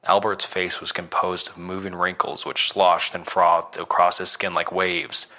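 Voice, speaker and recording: A man reading a first-person horror story as narrator, measured and dramatic. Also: deep voice, flat delivery, sharp tone.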